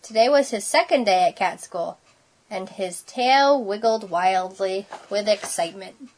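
A woman reading a children's story aloud with gentle, measured narration. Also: medium pitch. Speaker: storybook reader.

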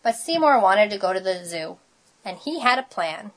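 A woman reading a picture book aloud, expressive and unhurried, adding her own asides. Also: mid-range voice. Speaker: storybook reader.

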